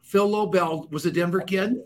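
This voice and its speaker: A man hosting a podcast, chatting and telling stories in an animated, boastful way. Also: high voice, normal speed, slight background noise. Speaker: podcast host. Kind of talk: casual podcast conversation.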